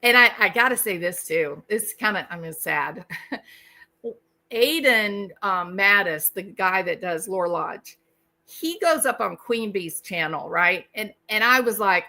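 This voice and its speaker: A woman delivers a commentary monologue in a bright, forceful voice at an unhurried pace. She keeps asking the listener rhetorical questions. Now and then she acts out imagined dialogue in other voices. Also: medium pitch, lively intonation. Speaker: channel host. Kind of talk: true-crime commentary monologue.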